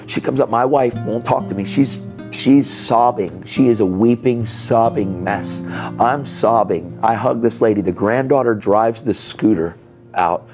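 A man's voice: lowish voice, a little slow, darkish tone, faint music behind. A man telling a dramatic testimony in a church sermon, speaking casually with "man" and "dude" and acting out the other people's voices. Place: church sanctuary.

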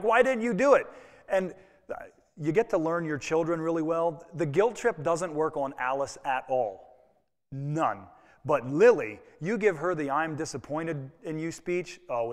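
A male pastor preaching a sermon to his congregation in a conversational, folksy way, with personal asides. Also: a little high. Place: church sanctuary with congregation. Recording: long reverb of a church hall.

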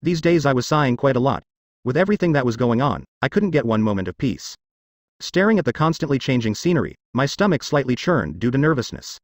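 A man's voice: mid-range voice, lively intonation, fast, dry recording, studio quality. A man narrating a fantasy web novel audiobook in the first person, with a wry, sardonic inner monologue.

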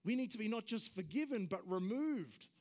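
An Australian man preaching a sermon as pastor, speaking conversationally, often dropping low and quiet before building up to an emphatic point. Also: animated, moderate pace. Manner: self-correcting restarts and asides.

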